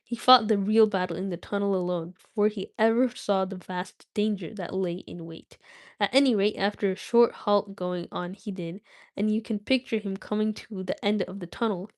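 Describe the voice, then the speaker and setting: A woman's voice: mid-range voice, moderate pace, darkish tone, dry recording, studio quality. A young woman reading a book aloud on a live stream, with small slips and restarts, and chatting casually with her viewers.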